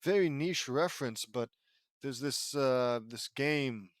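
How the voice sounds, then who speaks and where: A man's voice: medium pitch, slow pace, no room sound, studio quality. A man reading fan fiction aloud and breaking off with profane, sarcastic, rambling commentary. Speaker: audiobook reader and commentator.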